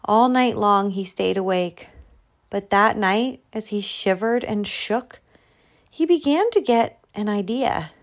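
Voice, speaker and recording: A woman reading a children's picture book aloud, slow and expressive. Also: mid-range voice. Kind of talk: storybook read-aloud.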